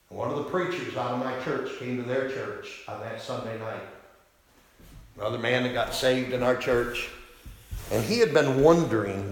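Fervent preacher in an echoing church. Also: male voice, medium pitch. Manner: fervent storytelling, swings from loud declaring to hushed quoting. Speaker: pastor. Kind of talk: revival sermon preaching. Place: large church sanctuary. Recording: very echoey church hall reverb.

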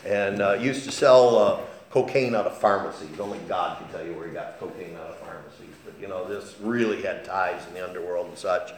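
A man preaching a sermon as pastor, telling folksy stories with an animated delivery. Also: deep voice, a little fast, slight background noise. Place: church sanctuary. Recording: very echoey church hall.

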